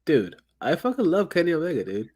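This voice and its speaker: A man hosting a podcast in casual chat, excitable and profane, rambling with frequent restarts. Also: on the high side, fairly quick, breathy edge. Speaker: podcast host.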